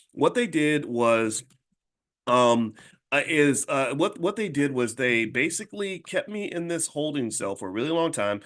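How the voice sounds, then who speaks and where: A man's voice: medium pitch, a bit bright. A middle-aged man and channel host casually telling a personal story, often restarting sentences and repeating words as he goes. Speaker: finance educator and channel host.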